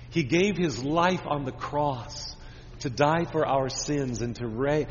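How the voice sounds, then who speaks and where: Man, pastor, children's sermon, fairly high voice, long church reverb, dull sound. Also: a little hiss or hum. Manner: asks children many simple questions.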